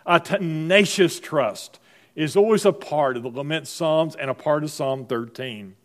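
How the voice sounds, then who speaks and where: A man's voice: on the high side, unhurried. A middle-aged man preaching a sermon as pastor, in a conversational style full of rhetorical questions to the congregation.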